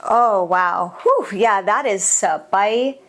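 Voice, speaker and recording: A woman's voice: mid-range voice, slow, a bit bright. A woman in her adult years giving a casual, enthusiastic product review as a candle maker, exclaiming often as she talks.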